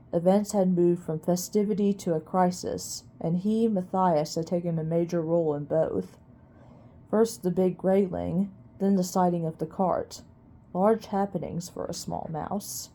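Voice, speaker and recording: Woman reader, very mellow and warm, lowish voice, storybook reading. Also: steady tone. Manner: unhurried, with small restarts.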